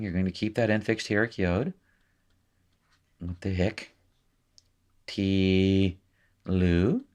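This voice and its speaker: A man teaching a recorded lesson in a casual way, thinking aloud with fillers and small self-corrections. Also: low-pitched. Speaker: language teacher. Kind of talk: recorded lecture at a whiteboard.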